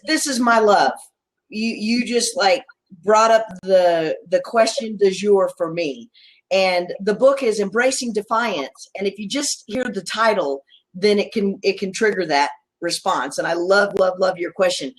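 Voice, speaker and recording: A woman's voice: medium pitch, low-quality recording. Enthusiastic, emphatic woman guest. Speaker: guest expert. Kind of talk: casual discussion.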